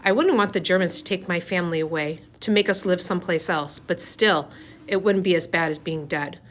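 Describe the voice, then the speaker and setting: A woman's voice: fairly low pitch, brisk, a little hiss or hum, natural voice. A woman reading a story aloud, voicing a frightened young girl who speaks anxiously. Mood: sad. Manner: anxious, pleading.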